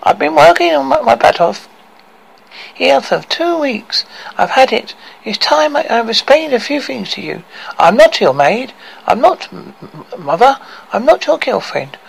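Guy doing a high shrill fed-up young woman, yelling, all over the place, bit gravelly. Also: big pitch swings, a little slow, full character voice, rough recording. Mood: exasperated. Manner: shrill yelling, exasperated complaining.

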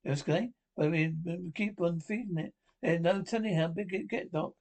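A jittery young lab assistant in an old-time radio drama, folksy and whiny, always pleading with his boss. The voice runs high for a man. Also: moderate pace, darkish tone. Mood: frightened. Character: timid frightened young male lab assistant. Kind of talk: 1930s radio acting.

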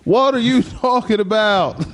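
A man putting on the voice of a gruff older school coach, slow and drawn out. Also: high voice, lively intonation, crowd noise, pitched above the performer's own voice. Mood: baffled.

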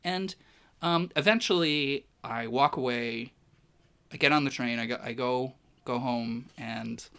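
A man's voice: medium pitch, measured pace, a bit bright, clear, resonant tone, no room sound. Rambling male photographer telling a story. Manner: rambling, many restarts and fillers. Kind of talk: casual storytelling.

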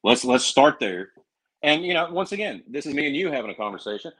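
A man's voice: medium pitch, very animated, a little fast, a bit bright, breathy edge, low-quality recording. A man with a Southern accent, a podcast guest talking in an earnest, rambling way with many restarts. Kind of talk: casual podcast chat.

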